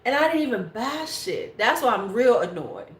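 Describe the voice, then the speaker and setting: A woman's voice: a little high, big pitch swings, normal speed. A woman in her forties hosting a beauty livestream, chatting casually and bluntly with viewers and swearing freely. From United States. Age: 40s. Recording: echoey room.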